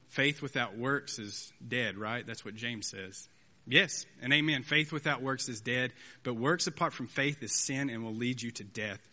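A man's voice: medium pitch, pushed and bright. A man in his thirties preaching a sermon, earnest and conversational with rhetorical asides. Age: 30s. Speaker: pastor. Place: church sanctuary. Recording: long hall reverb.

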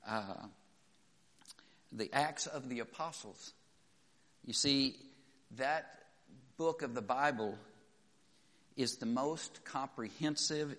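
Male preacher, chatty sermon delivery with plenty of "uh"s, mid-pitched, church hall reverb. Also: a bit bright. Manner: conversational storytelling with frequent fillers.

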